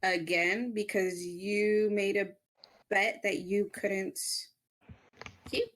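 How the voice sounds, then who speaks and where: A fed-up young woman in a tabletop role-play, scolding in firm, clipped sentences, played by a woman. Her voice is even and mid-pitched, and her exasperation stays plain throughout. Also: takes it slowly. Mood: stern.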